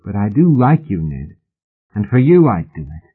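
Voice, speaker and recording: A man's voice: lowish voice, sing-song, normal speed. A male reader voicing a tired, tipsy young woman who coaxes and wheedles, in an audiobook. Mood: earnest. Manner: wheedling, coaxing. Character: drowsy coaxing young woman of the night. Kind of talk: audiobook character voice. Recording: husky voice on a tinny phone-like line.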